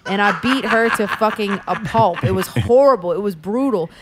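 A woman's voice: medium pitch, moderate pace, very noisy. A woman co-hosting a casual chat, talking in a blunt, profane way.

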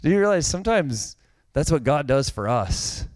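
A man's voice: fairly high pitch, normal speed, no echo. A middle-aged man, a pastor, preaching a conversational sermon and telling stories with growing animation. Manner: conversational, animated storytelling with a dry joke.

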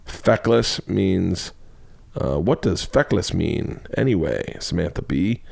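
A middle-aged man hosts his own podcast, rambling through stories in a loose, profane, comedic monologue. His deep, gravelly voice takes things slowly, and his storytelling is animated.

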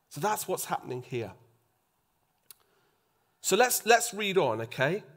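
A man preaching a sermon, acting out the voices in the story and dropping to a soft hush for emphasis. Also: high-pitched, normal speed, pauses often. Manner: animated, acts out quoted voices, drops to a soft hush for emphasis.

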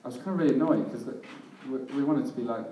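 A man's voice: medium pitch, rapid-fire, noisy background. A man preaching a sermon in a casual, self-deprecating way, often laughing at himself. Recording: echoey hall, mic at a distance.

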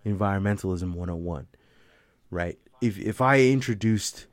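A man's voice: deep voice, normal speed, no room sound. A young man in casual conversation, rambling and swearing, with lots of fillers and frequent laughter. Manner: profane, rambling, laughs often, filler-heavy.

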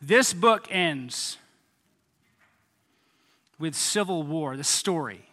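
A man preaching a sermon as pastor, animated, acting out voices and making sound effects. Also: a little high, very slow. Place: church hall. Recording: hall reverb.

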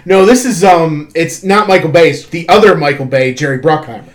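A man's voice: fairly high pitch, a little fast. Wry man making blunt asides. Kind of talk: casual pop culture chat.

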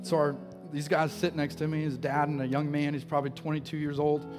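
A man with a fairly high pitch and flat delivery preaches fairly quickly in a large hall, with music playing during this live sermon. As pastor, he tells a story with mounting passion and calls people forward.

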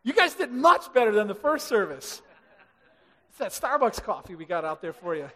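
A man preaching a sermon to a congregation, animated, acting out quoted voices and swinging from loud to hushed. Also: sits high, moderate pace, big-room sound. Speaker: pastor. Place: large church hall.

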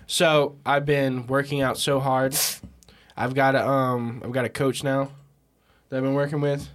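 A man's voice: mid-range voice, flat delivery, measured pace. A young man hosting a podcast, chatting casually with crude jokes. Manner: crude joking banter, mock ASMR whispering. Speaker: podcast host. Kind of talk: casual chat.

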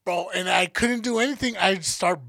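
A man co-hosting a podcast, telling a story in a casual, profane, lively way. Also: high-pitched, normal speed, creaky, no echo. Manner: profane, animated storyteller acting out family members. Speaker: podcast co-host.

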